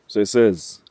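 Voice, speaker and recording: A Bible teacher leads a casual study in a mellow voice, talking conversationally, often asking "right?" and reading scripture aloud in old-fashioned wording. There's no echo on the recording.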